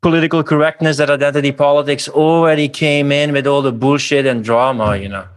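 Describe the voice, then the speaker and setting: A man's voice: fairly high pitch, steady tone, fairly quick, no echo. Earnest opinionated man, dry sound. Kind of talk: casual podcast chat.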